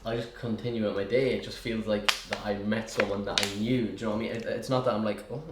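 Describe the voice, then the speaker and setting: A man's voice: on the low side, flat delivery, quick pace, roomy sound, heavy background noise. A young man with an Irish accent, chatting casually as a podcast guest in a rambling, self-deprecating way. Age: young adult. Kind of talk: casual chat.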